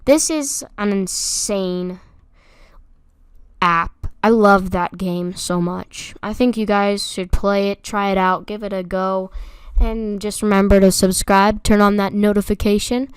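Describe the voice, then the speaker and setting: A young woman giving chatty, excitable gameplay commentary as a YouTuber, repeating words when flustered. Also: mid-range voice, measured pace, clean tone, no room sound, studio quality. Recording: faint music behind.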